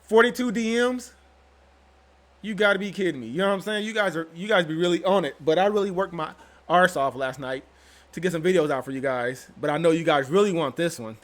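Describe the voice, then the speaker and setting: A man's voice: on the high side, fast talker. A young man hosting his own channel, talking straight to his viewers in a slangy, rambling, casual way. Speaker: channel host. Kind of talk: casual vlog commentary.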